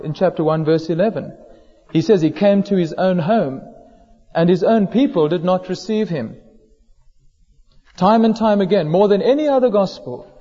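A man preaches a sermon in a church hall, his mellow voice trailing off into a long reverb. The recording is dull and lo-fi. He talks in a measured way, slowing down to stress key words. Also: high-pitched, slightly rough. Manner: measured, slows down for emphasis on quoted words.

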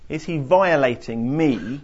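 A man teaches a group from the Bible, earnest and explanatory, stumbling through restarts and fillers. His voice is husky, and the recording sounds dull and lo-fi. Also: medium pitch, slow, darkish tone.

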